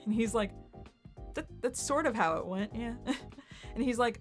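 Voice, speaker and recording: A woman's voice: medium pitch, normal speed, faint music behind. A woman in her thirties telling a rambling story casually, giggling often, filling her talk with "like" and acting out what others said. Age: 30s. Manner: giggly and self-deprecating, heavy use of "like"; animated, voices others in quoted asides. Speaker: channel host.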